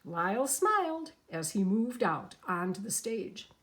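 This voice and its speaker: Woman reading a kids story out loud, slow and super expressive, voice bouncing all over. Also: medium pitch. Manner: expressive, animated. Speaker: storybook narrator. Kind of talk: reading a picture book aloud.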